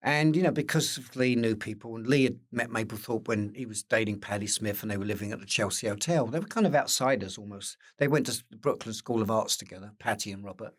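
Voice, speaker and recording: An older man with an Essex accent, telling lively anecdotes as an interview guest and acting out the quotes. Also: lowish voice, quick pace, few pauses. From England. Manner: animated anecdotes with acted-out quotes, occasional swearing. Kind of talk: casual storytelling interview.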